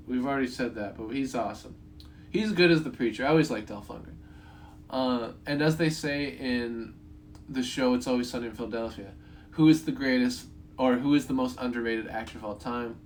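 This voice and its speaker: A man's voice: medium pitch, normal speed, darkish tone, slight background noise. A young man reviewing a movie in casual talk, rambling, swearing freely and chuckling at his own points.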